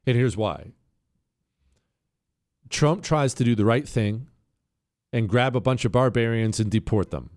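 A man's voice: mid-range voice, animated, unhurried, long pauses, darkish tone. A man hosting a talk radio show, giving an emphatic, ranting opinion monologue and mocking the people he quotes. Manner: mimics others in whiny quotes.

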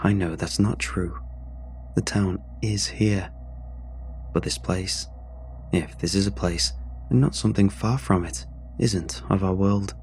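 A man narrating a scripted horror story in a measured, brooding way, with drawn-out pauses. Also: sits low, darkish tone, slight background noise. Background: faint music.

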